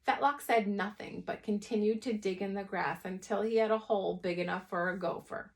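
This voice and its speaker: A woman teacher reads a chapter book aloud to young children at a mid-range pitch. She reads expressively and stops now and then to explain a word in plain terms. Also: fairly quick, hardly any pauses. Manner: expressive, adds plain asides.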